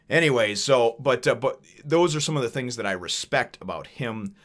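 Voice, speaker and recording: A man's voice: medium pitch, animated, moderate pace, hardly any pauses, a bit bright. Rambling, foul-mouthed male manga reviewer. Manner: rambling, profane, many fillers and laughs. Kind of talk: casual chat.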